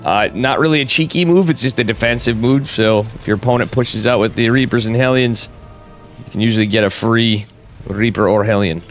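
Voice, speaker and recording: A man's voice: medium pitch, a little fast, soft background music. A man with a cold giving casual, chatty live commentary on a strategy game, talking straight to his viewers with jokey asides. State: has a cold. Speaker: esports caster.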